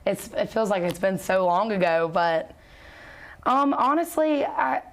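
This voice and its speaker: A woman singer being interviewed, talking in a relaxed, chatty way with easy laughs and plenty of fillers. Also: medium pitch, a little slow. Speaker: country singer and guest. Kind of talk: casual interview chat.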